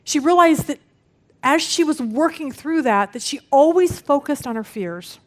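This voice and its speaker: Lively woman Bible study teacher. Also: sits high, moderate pace. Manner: lively storytelling, acts out quoted people.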